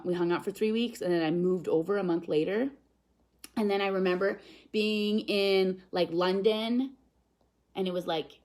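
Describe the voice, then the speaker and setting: A woman, a guest on a live stream, chatting in an animated, upbeat way and reading viewer comments aloud. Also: mid-range voice. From Canada. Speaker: guest speaker. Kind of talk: live-stream motivational chat.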